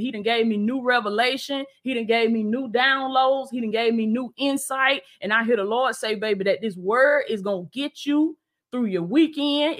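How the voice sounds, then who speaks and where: A woman's voice: a little high, a bit bright. Exuberant preacher woman streaming live. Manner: exuberant, repeats lines, calls viewers "baby". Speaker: life coach and preacher.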